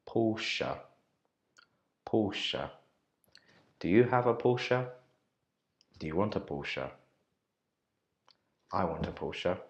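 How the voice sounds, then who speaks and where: A man teaching an online pronunciation lesson as an English teacher, repeating words slowly and carefully and talking directly to his viewers. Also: low-pitched, darkish tone, lo-fi sound. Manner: friendly direct address to viewers.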